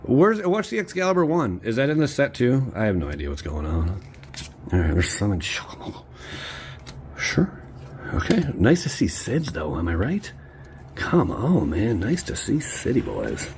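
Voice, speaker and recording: A man chatting casually to viewers as he opens card packs, rambling and excitable with slangy asides. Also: on the low side, normal speed, slight background noise. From Cleveland area, Ohio. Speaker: card-opening streamer. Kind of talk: casual chat while opening card packs.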